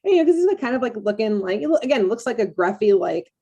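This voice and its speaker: Here is a woman in mid-range pitch chatting casually on a podcast. She tells the story in a loose, rambling way, stacking filler words and breaking into laughter. She talks like she is among friends. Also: very animated, quick pace, mellow, husky. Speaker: podcast co-host recapping a cartoon episode. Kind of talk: casual chat.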